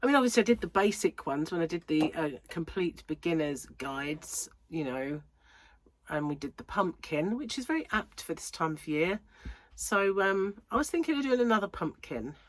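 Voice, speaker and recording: A woman's voice: fairly low pitch, expressive, moderate pace. A woman hosting a crochet channel, chatting casually to camera at home with rambling, giggly anecdotes, sounding a little congested and out of breath. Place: home room under lights.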